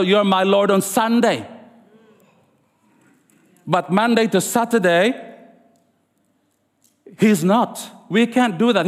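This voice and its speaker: Male pastor, sermon delivery, emphatic, high voice, church-hall reverb. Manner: emphatic preaching, rises high on key lines. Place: church sanctuary.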